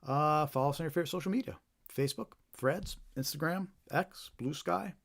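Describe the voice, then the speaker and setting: A man's voice: a little high, brisk, gravelly, fairly bright tone. A man hosting a live stream, reading viewer reports aloud in an informal way, with fillers and restarts. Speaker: host.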